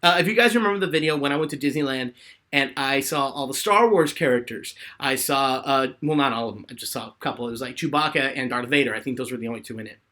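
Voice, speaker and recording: A man in his twenties hosting a live fan question-and-answer chat, telling stories in an animated way and laughing often. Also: mid-range voice, quick pace. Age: 20s.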